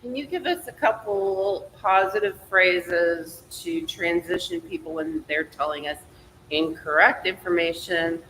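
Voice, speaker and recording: A man's voice: high voice, sharp tone, a little hiss or hum, poor audio. A man in the audience asks a question, searching for his words as he goes. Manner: halting, searching for words while asking. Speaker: audience member asking a question.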